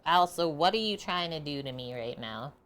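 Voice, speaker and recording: A woman's voice: low voice, animated, moderate pace, fairly bright tone, soft background music. A woman hosting a cooking livestream, chatting casually with viewers and laughing easily. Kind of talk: casual chat with stream viewers.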